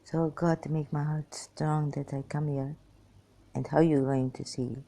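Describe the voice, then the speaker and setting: A worn-out woman talks slowly in a rambling personal monologue, her speech breaking into halting fragments. Her voice sits very low and dark, with a gravelly fry. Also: steady tone. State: very tired and weak. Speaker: vlogger.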